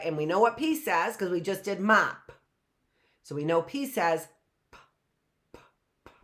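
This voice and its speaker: A woman with a mid-range, fairly bright voice teaches a live phonics lesson, sounding out letters with drawn-out, repeated sounds. She asks the class questions, answers them herself, and often says "right?"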